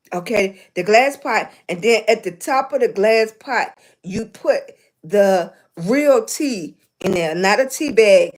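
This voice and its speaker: A middle-aged woman, hosting a casual livestream and greeting viewers warmly as baby and sweetie, hoarse and clearing her throat from a cough. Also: medium pitch. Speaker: livestream host.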